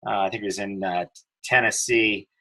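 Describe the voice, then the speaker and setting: Bright-voiced middle-aged man telling stories. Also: on the low side, moderate pace, poor audio. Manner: animated storyteller, many fillers and restarts. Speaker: podcast guest, telecom executive. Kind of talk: casual interview storytelling.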